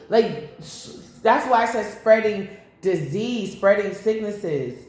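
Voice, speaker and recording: A woman reads tarot in a loose, chatty way, blunt and quick to curse as she wanders into side stories. Her voice sits at an ordinary middle pitch. The recording rings with heavy room echo. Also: expressive, darkish tone. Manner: blunt, profane, rambling asides. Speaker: tarot reader. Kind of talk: casual tarot reading to camera. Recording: very echoey room.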